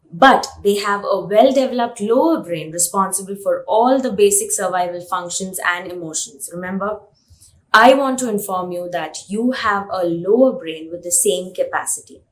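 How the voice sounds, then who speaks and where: Female course instructor, mid-range voice, scripted lesson read directly to the parent at home. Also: medium pitch. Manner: addresses the listener directly, acting out quotes.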